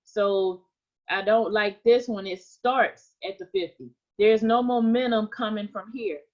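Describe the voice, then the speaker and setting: A woman's voice: a little high, unhurried, lo-fi sound. A woman teaching forex trading in a live stream, talking conversationally, repeating her points and often checking in with "right?". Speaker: trading coach.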